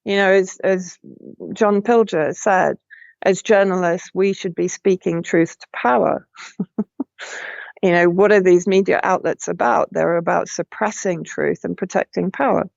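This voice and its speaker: A woman's voice: on the low side, fairly even intonation, unhurried, vocal fry, a little mellow, no echo. A British woman journalist, a guest in a remote interview, who talks emphatically and often restarts her phrases. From Britain. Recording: slightly dull lo-fi line, dry.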